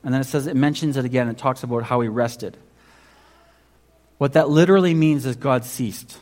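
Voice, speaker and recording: A man preaching a sermon, telling the story in a conversational way, asking the congregation questions and swinging between loud emphasis and hushed asides. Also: mid-range voice, normal speed. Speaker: pastor.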